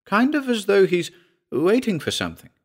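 A man's voice: high voice, huge pitch swings, normal speed, voice pushed up, full character voice. A man voicing a gossipy old village woman. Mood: musing. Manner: chatty, folksy.

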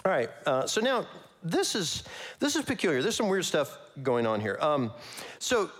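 A man preaching a conversational sermon, casual and animated, with slangy asides and frequent laughs. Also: fairly high pitch, normal speed. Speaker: pastor.

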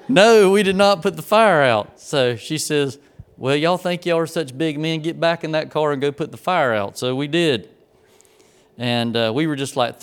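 A man's voice: on the high side, clean tone. A man preaching a sermon, telling a folksy personal story before turning to the lesson. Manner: folksy storyteller, grows excited and laughing in the funny parts.

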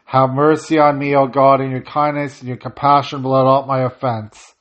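A man's voice: medium pitch, little pitch movement, moderate pace, a bit bright. A man leading a prayer service, chanting and intoning the prayers, with short plain-spoken asides between them. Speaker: prayer leader. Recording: slightly dull lo-fi audio.

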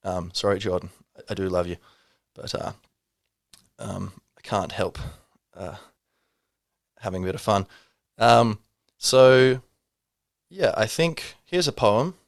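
A man's voice: lowish voice, slow pace, gravelly, no echo, studio quality. A man hosting a solo podcast, talking reflectively and rambling, with many fillers and restarts. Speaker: podcast host.

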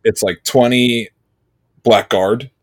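Slow and mid-range, a man's voice carries a casual podcast chat he co-hosts. He tells rambling stories and gets animated acting out what other people said.

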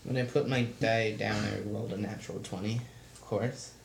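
A man's voice: lowish voice, steady tone, normal speed, vocal fry, a little hiss or hum. Eager male player in an echoey room. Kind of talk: casual tabletop play.

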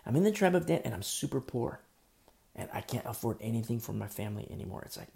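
A man preaching an earnest, animated sermon, speaking through a sore throat. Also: medium pitch, quick pace, vocal fry. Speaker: pastor.

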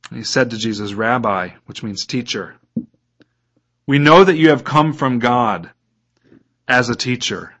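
A man's voice: mid-range voice, animated, a little slow, pauses often, fairly bright tone. A man preaching a sermon as a pastor, reading scripture aloud and putting questions to his listeners.

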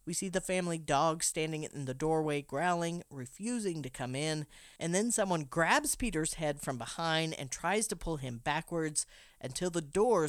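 A woman's voice: sits low, no echo, studio quality. A woman recapping a film plot for a podcast, telling the story with joking asides. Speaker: podcast co-host. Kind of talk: movie plot recap and casual chat.

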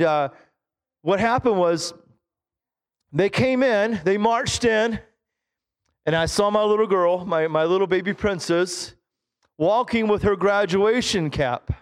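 A middle-aged man, a Pentecostal pastor, preaching a sermon in church, animated, with low asides and sudden shouted exclamations. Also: measured pace, clean tone. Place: church sanctuary.

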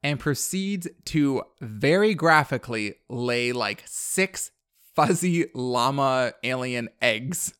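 A man hosts a podcast in a loose, chatty way. He rambles through a story, filling gaps with "like" and chuckling as he goes. His voice sits at an ordinary middle pitch. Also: animated, slow pace, fairly bright tone, smooth. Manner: rambling, heavy use of "like", laughs at his own recap. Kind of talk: casual chat recapping a movie.

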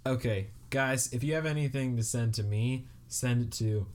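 A man's voice: mid-range voice, normal speed. A young man co-hosting a podcast in a casual joking chat, teasing his friend and laughing often. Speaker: podcast co-host.

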